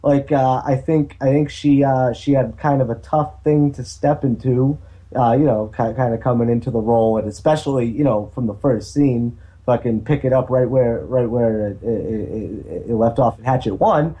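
A man's voice: medium pitch, normal speed, mellow, low-quality recording. A man co-hosting a podcast, reviewing a horror sequel in a loose, hesitant way with lots of fillers. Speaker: podcast co-host. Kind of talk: casual movie review chat.

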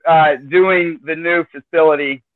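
A man talks in a casual, hesitant drawl and leans on fillers between thoughts. His voice sits a little high and comes through a thin, phone-like channel. The sound is dry and close, with no room around it. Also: steady tone, measured pace, dry recording. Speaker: guest, chinchilla breeder. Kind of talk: casual chat.

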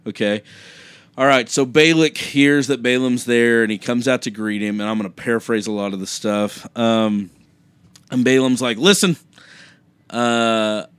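A man co-hosting a podcast and preaching, telling a Bible story in a casual, animated way and acting out the quotes. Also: mid-range voice, normal speed, clean tone, dry recording.

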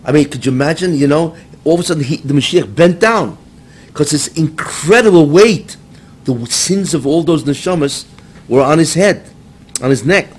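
A man's voice: on the high side, normal speed, husky. Man giving a dramatic Torah lecture. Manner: explains texts, rising to dramatic emphasis. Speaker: Torah teacher. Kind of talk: religious lecture.

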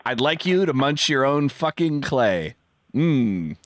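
A man hosting a podcast, making prank calls in a crude, aggressive, deadpan way. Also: medium pitch, slow, noisy background. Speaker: prank caller, podcast host. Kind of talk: prank call.

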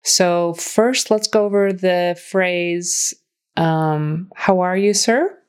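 Lady tutor, lowish voice, slow and patient, says phrases over and over. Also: darkish tone, clean tone. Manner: patient, explains slowly, models phrases aloud. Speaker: accent and grammar coach. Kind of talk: reviewing a student's recording.

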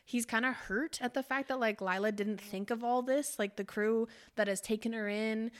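A woman with a higher voice speaks at a normal speed while co-hosting a book podcast. She's animated and laughs often, casually retelling a novel's plot with plenty of "like" fillers.

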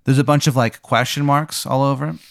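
A man's voice: mid-range voice, fairly even intonation, a little fast, creaky, a bit bright, no room sound, studio quality. A man hosting, improvising a strange hypothetical story for a guest, rambling with lots of "like" and "uh" and casual swearing. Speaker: host running a hypothetical scenario.

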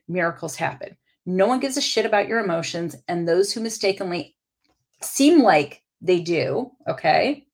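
A middle-aged woman hosting a motivational coaching podcast, talking candidly and emphatically to her listeners. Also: mid-range voice. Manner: candid and emphatic, with casual swearing. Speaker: podcast host and leadership coach.

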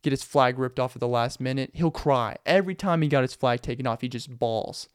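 Smooth-voiced young man telling stories. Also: mid-range voice, brisk, no room sound, clean studio sound. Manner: rambling, animated, laughs often. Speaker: podcast host. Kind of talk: casual storytelling monologue.

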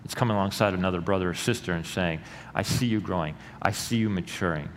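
A middle-aged male pastor preaching a sermon in a church, earnest and rising to loud emphatic peaks. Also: deep voice, fast talker. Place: church sanctuary. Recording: long hall reverb with faint room noise.

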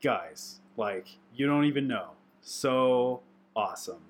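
A man chatting as a podcast guest, halting and animated, with lots of fillers and laughter. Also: mid-range voice. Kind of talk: casual chat.

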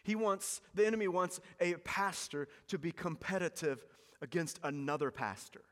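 Man preaching, pastor, earnest and pleading, slightly high voice, long hall reverb. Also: animated, normal speed. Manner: earnest, pleading, repeats words when emphasizing. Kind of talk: sermon.

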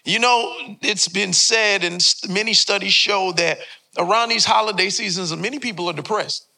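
A man's voice: high-pitched, normal speed, vocal fry, sharp tone. A young man preaching a sermon as a pastor in a church, joking and trading call-and-response with the congregation. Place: church sanctuary before a congregation.

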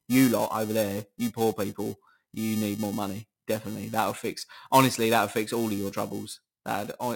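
A man's voice: lowish voice, little pitch movement, fairly quick, vocal fry. A middle-aged man hosting a podcast, chatting casually in a sarcastic, incredulous tone and swearing often. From Britain. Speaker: podcast host. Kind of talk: casual solo podcast chat.

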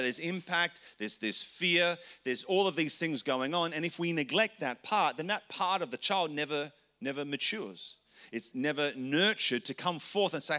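Male pastor, bright forward tone, earnest and conversational, repeats words as he thinks. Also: fairly high pitch. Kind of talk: sermon teaching.

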